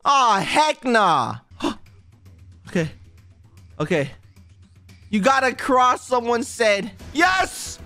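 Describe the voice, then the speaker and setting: A man giving casual, excitable gaming commentary, repeating himself and talking straight to viewers. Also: extremely high pitch, extremely slow, long pauses, soft background music. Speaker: gaming YouTuber.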